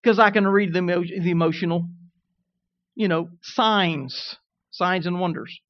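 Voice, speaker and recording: A middle-aged man preaching a sermon, telling humorous stories with lively rising emphasis. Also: high voice, measured pace, highs cut off.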